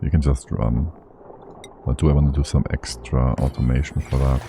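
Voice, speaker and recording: Very deep-voiced, dark-toned man streaming a game. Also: steady tone, moderate pace, gravelly, slight background noise. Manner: chatty, thinks aloud, laughs often. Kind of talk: casual livestream gameplay commentary.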